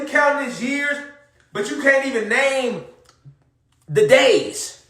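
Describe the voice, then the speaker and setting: High-voiced man ranting in an echoey room. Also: animated, a little slow, long pauses. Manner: preachy, repetitive, profane, rising to shouts. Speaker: comedic conspiracy monologue performer. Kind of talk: rambling comedic monologue.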